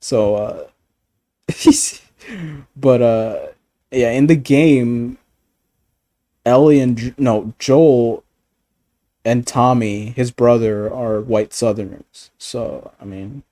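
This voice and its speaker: A man chatting casually and swearing freely. He stammers through restarts and laughs easily, and his voice is warm and mellow. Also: mid-range voice, very slow, long pauses. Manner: rambling, stammering, profane, laughing. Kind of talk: casual chat.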